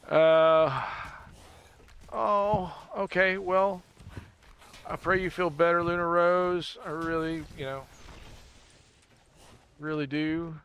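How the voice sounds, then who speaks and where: A man's voice: on the high side, fairly even intonation, drawn-out words, long pauses, a bit bright, clear, resonant tone. A man streaming a game from his computer, chatting in a rambling, jokey way and laughing at his own puns. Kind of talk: casual chat while playing a game.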